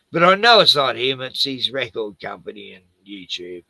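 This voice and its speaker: A man's voice: medium pitch, big pitch swings, moderate pace, few pauses, pushed and bright, dry recording, poor audio. A middle-aged man chatting casually on a late-night stream, tired and rambling, trailing off often and swearing a lot.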